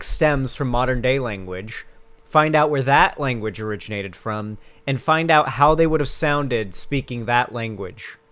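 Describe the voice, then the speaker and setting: Male streamer, mid-pitched, casual crude sarcastic banter to chat. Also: a bit bright.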